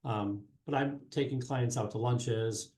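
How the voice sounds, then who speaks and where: A middle-aged man talks loosely as a guest, padding his thoughts with fillers and restarting sentences. His voice is mellow and dark, and it is recorded in an echoey room. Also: medium pitch, measured pace. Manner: rambling, many fillers and restarts. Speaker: guest, sports marketing specialist and former TV reporter. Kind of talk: casual interview chat. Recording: roomy echo.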